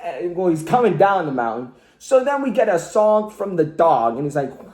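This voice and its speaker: A man's voice: high-pitched, sing-song, normal speed, darkish tone, roomy sound. A man recapping a cartoon casually, rambling and joking with lots of fillers. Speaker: cartoon reviewer.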